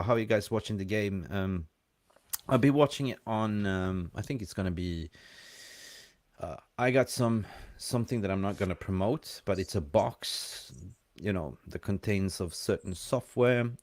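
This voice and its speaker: Chatty low-voiced man hosting a call-in. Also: dry recording. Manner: chatty, rambling, quick to laugh. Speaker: live show host. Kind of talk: casual call-in chat.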